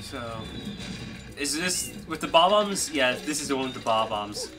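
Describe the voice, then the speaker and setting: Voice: medium pitch, moderate pace. Wisecracking let's-play co-host. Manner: joking, deadpan wisecracks. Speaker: co-host of a game playthrough. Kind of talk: casual let's-play chat. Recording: game music under the voice. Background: game music.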